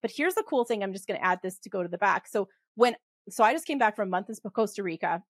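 A middle-aged woman with a Western Canadian accent, chatting as a podcast guest. She talks quickly and animatedly, laughs easily and keeps restarting her sentences, at a medium pitch. The sound is close and dry. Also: no room sound. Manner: fast, animated, laughs often, many restarts. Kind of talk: casual interview talk.

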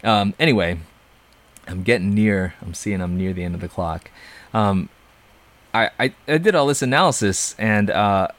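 A man's voice: on the low side, moderate pace. A man giving a casual spoken book review, thoughtful and digressive, often breaking into chuckles. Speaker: comics reviewer.

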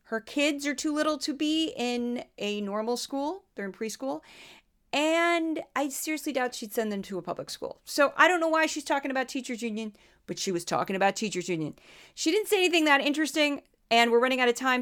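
A woman hosting a podcast, talking in a lively, sarcastic, laughing way. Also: sits high, a little fast, clear, resonant tone. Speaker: podcast host. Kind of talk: casual commentary.

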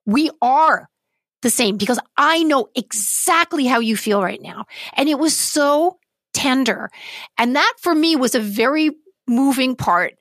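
Earnest, high-voiced woman podcaster. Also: expressive, a little slow, a bit bright, no echo. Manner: earnest, easily moved, rambling. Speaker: podcast co-host. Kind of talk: casual chat.

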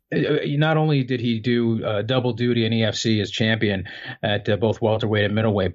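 A man co-hosting a casual fight-sports talk show, rambling through his analysis with many fillers and restarts. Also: on the low side. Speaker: MMA podcast co-host. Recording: dull lo-fi audio.

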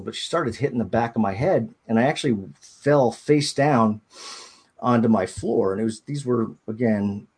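A man, a podcast guest, recounting a personal ordeal in a halting, hesitant way, often restarting his sentences. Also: lowish voice, a little mellow, slightly rough. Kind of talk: personal storytelling in an interview.

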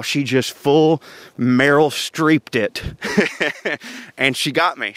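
In a dry recording, a male podcast host tells family stories in a casual monologue, chatting away and laughing often. His mid-range voice is a bit bright, and he uses Southern turns of phrase like "y'all."

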